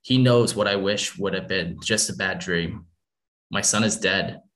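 A man's voice: deep voice, a little slow, fairly bright tone. A man reading a first-person war story aloud in an earnest, somber way. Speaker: narrator.

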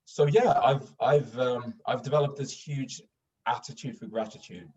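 A man's voice: mid-range voice, normal speed, warm tone. A man from Sweden talking casually in an interview, full of restarts and fillers. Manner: rambling, many restarts and fillers. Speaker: guest actor. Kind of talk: casual interview over video call. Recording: distant, dull lo-fi mic.

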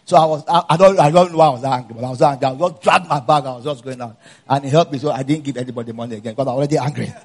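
He's a pastor with a Nigerian accent, racing through a sermon laced with a story from his own life. His voice is slightly rough, quieting for asides and booming when he preaches.

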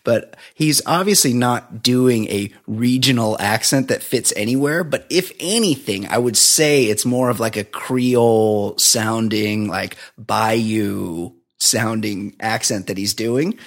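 A man's voice: medium pitch, animated, slow. A man co-hosting a podcast, chatting casually and profanely about a film and laughing often. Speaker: podcast co-host. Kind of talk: casual movie-review chat.

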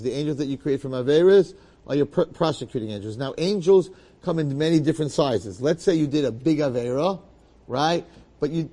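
A man telling a long story aloud in a lively, dramatic way, repeating phrases and adding asides. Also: on the high side. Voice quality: bearded, uses Yiddish and Hebrew terms. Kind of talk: animated oral storytelling.

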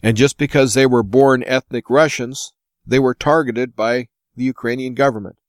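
A man's voice: mid-range voice, steady tone, moderate pace, no echo, studio quality. An American man hosting his own show, delivering an impassioned opinion monologue full of rhetorical questions. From United States. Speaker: host.

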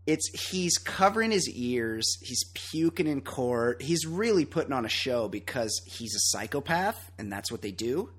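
A man's voice: mid-range voice, big pitch swings, normal speed, few pauses, breathy edge. A man hosting a podcast, chatting casually and ranting bluntly with plenty of swearing. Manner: blunt, profane, opinionated ranting. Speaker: podcast host. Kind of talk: casual chat.

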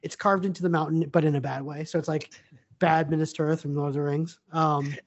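A man co-hosting a casual sports podcast, animated and blunt, laughing often as he talks. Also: fairly high pitch, fairly quick. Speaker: podcast co-host. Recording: dull lo-fi sound.

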